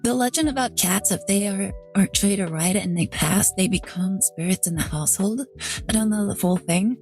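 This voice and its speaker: A woman's voice: medium pitch, normal speed, darkish tone, soft background music. A woman streaming a game playthrough, chatting casually in a rambling way, full of fillers and restarts, and getting emotional when moved. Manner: rambling, heavy use of "like", many restarts. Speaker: VTuber streamer.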